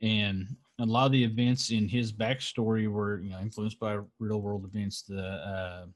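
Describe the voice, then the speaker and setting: A man's voice: on the low side, flat delivery, moderate pace. A man in casual podcast chat about comics, talking in a loose, rambling way full of restarts. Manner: rambling, lots of fillers and restarts. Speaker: podcast co-host.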